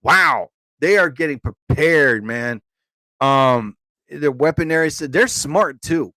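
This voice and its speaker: High-voiced man chatting on a live stream. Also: sing-song, slow, creaky, sharp tone, dry recording. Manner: rambling, jokey, talks to viewers. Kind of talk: casual live stream chat.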